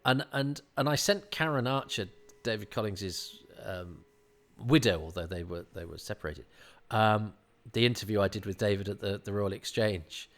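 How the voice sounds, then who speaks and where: A man giving a casual commentary on a classic TV serial, chatty and halting, breaking into acted-out quotes. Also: fairly low pitch.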